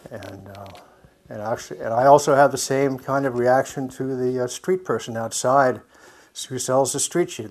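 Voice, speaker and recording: A man shares a personal story with a listening group in a reflective spoken talk. He muses aloud, restarting and correcting himself as he goes, and breaks into soft laughs now and then. His voice sits at an ordinary middle pitch for a man. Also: slightly rough. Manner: halting and self-correcting, with frequent soft laughs; musing and conversational.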